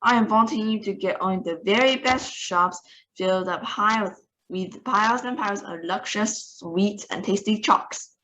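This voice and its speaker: This is a tiny, ferocious witch leader who rules by shouting and shrieking, voiced by a woman reading aloud. She is commanding and scornful, bossing her listeners about in a storybook voice. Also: medium pitch, normal speed, highs cut off, a little hiss or hum, close to an everyday voice. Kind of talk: read-aloud storybook acting.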